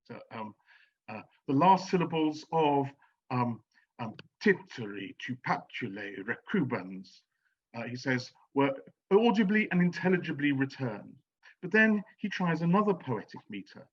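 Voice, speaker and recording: A man's voice: fairly high pitch, very animated, moderate pace, muffled recording. Hesitant man giving a lecture. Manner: hesitant, many ums and restarts. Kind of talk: academic lecture on poetry.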